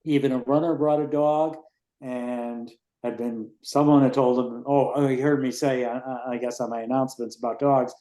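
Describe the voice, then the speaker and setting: A man in his sixties giving a rambling, relaxed report on the race he organizes at a town committee meeting. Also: mid-range voice, normal speed, echoey room. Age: 60s. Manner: rambling, relaxed, with fillers and restarts.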